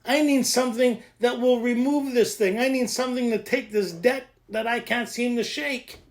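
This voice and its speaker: A man leading a recovery workshop, joking, excitable and laughing often as he explains the reading. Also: very high-pitched, moderate pace. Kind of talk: animated teaching talk.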